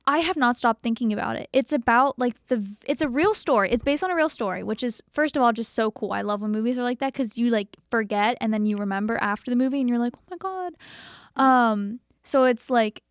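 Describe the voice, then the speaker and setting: A woman's voice: fairly high pitch, fast, few pauses, clean tone, no echo, clean studio sound. A young woman co-hosting a podcast, chatting casually and gushing enthusiastically about movies she loved. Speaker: podcast co-host. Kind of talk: casual chat.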